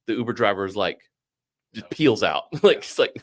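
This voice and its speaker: A middle-aged man telling a long story casually, animated, swearing and acting out what others said. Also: medium pitch, fairly quick. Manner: animated, swearing, acts out quoted voices. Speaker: podcast guest.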